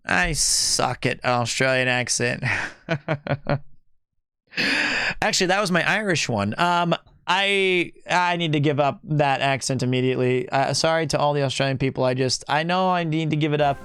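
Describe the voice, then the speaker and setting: Male streamer, high bright tone, loose joking chatter over faint game music. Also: lively intonation, normal speed. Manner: rambling, playful, jokey. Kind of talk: casual live-stream chat.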